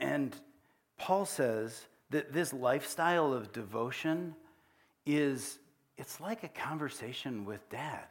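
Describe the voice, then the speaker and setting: A man's voice: medium pitch, a bit bright. A middle-aged man preaching a sermon in a church, conversational and often putting questions to the congregation. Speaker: pastor.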